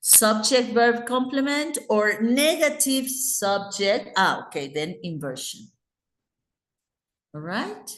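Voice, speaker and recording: A woman's voice: fairly high pitch, lively intonation, slow pace, a bit bright, roomy sound, a little hiss or hum. A woman with a Mexican Spanish accent teaching English grammar in an online class, patiently explaining and checking in with her students.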